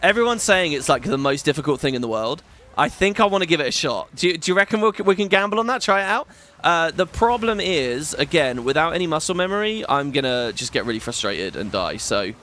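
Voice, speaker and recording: A British gaming YouTuber in his thirties rambles through casual commentary while playing, his fairly high voice very animated, a little fast, bright and forceful. He's chatty, swears, and keeps restarting his sentences.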